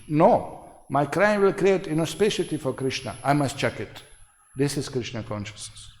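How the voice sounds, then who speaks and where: A man's voice: a little high, very animated, moderate pace. A man giving a devotional seminar lecture, speaking emphatically, repeating phrases and often asking "no?". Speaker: spiritual seminar teacher. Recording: reverberant hall.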